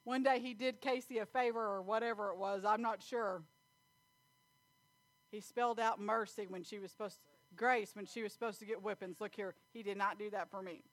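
A woman's voice: mid-range voice, fairly even intonation, brisk, no echo. A woman preaching a folksy sermon, telling family stories and reading scripture. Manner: folksy storytelling with Bible reading, laughs often.

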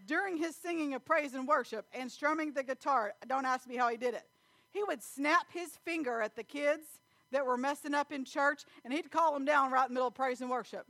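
A woman's voice: high voice, brisk, a bit bright, no echo. Folksy woman preaching. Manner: folksy storytelling with Bible reading, laughs often. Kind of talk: sermon.

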